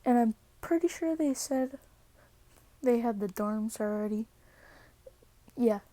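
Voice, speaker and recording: A soft-spoken woman casually narrating a made-up fan story, hesitant and full of fillers. Her voice is mellow and slow, and the sound is dry and close. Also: on the high side, no room sound. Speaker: video creator.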